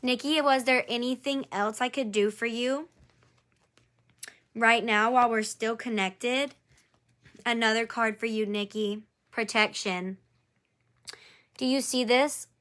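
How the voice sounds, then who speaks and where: A woman's voice: on the high side, fairly even intonation, measured pace, long pauses, a bit bright. Woman giving an encouraging card reading. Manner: encouraging, repeats phrases, addresses viewer by name. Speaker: angel card reader. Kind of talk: live-streamed card reading.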